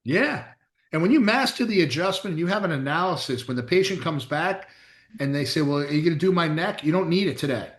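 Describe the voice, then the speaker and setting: A man's voice: a little high, lively intonation, a little fast, fairly bright tone. Blunt, emphatic middle-aged man in an echoey room. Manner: blunt, emphatic storytelling with mild swearing. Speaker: chiropractor, podcast co-host. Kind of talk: casual chat.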